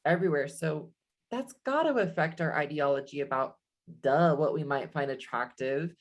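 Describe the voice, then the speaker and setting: A woman's voice: deep voice, moderate pace. A woman hosting a podcast conversation, talking in an earnest, thoughtful way and drawing out key words. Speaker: podcast host. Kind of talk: casual conversation.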